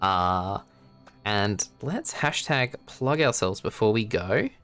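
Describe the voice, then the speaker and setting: Low-voiced man running a tabletop game. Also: animated, takes it slowly, fairly bright tone, smooth, soft background music. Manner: casual, rambling, filler-heavy narration with swearing. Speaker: game master.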